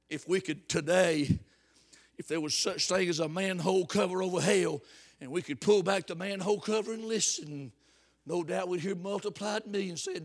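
A man preaching a fiery revival sermon, swinging from hushed tones to shouts and repeating words for emphasis. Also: high-pitched, normal speed.

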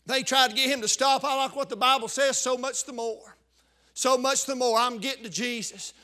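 A preacher delivering a fervent sermon in a strikingly high voice. His tone is bright and ringing, and he pushes into shouts at the peaks of his message. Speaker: pastor.

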